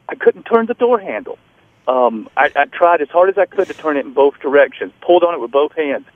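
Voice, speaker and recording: A middle-aged man from North Carolina, an author telling a personal story in an interview, earnest and halting, with restarts and fillers. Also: on the high side, dry recording. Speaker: author guest. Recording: tinny phone-line radio audio.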